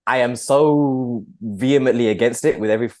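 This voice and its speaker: An agency founder, appearing as a podcast guest, talks earnestly and reflectively in a conversational interview, using frequent fillers. His mid-range voice is brisk and a little mellow.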